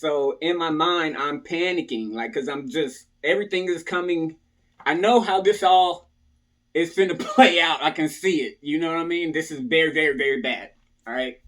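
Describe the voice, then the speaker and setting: Addressing viewers casually, a man recounts a story from earlier in his life, repeatedly adding "right?" and performing other people's lines. His voice sits on the high side, fairly bright, at a normal pace.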